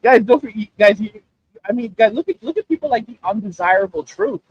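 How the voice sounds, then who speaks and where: A man's voice: sits high, brisk, husky, no echo, dull audio. A man hosting a livestream, talking casually and repeating himself as he speaks straight to his chat. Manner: animated, repetitive, addresses chat directly. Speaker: livestream host.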